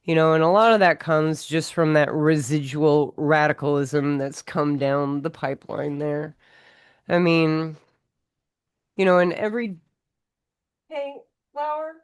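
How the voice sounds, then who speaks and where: A woman hosting a casual livestream chat from home, talking in an unhurried, thoughtful way. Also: low-pitched, steady tone, smooth, no echo, studio quality. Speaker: host of a live stream.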